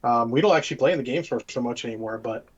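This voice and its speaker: A man's voice: medium pitch, rapid-fire, breathy edge, lo-fi sound. A man co-hosting a tabletop gaming podcast, ranting bluntly and swearing a lot in casual chat. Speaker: podcast co-host.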